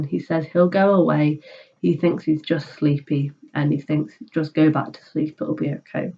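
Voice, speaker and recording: A woman's voice: lowish voice, creaky, highs cut off. A woman teacher reading a children's book aloud and patiently explaining it in simple words.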